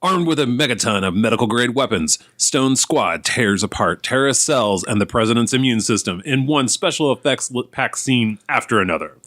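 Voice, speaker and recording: A man putting on the voice of a dramatic male movie-trailer announcer, reading a spoof film blurb slowly and deliberately. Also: mid-range voice, animated, fairly bright tone, dry recording, clean studio sound, natural voice.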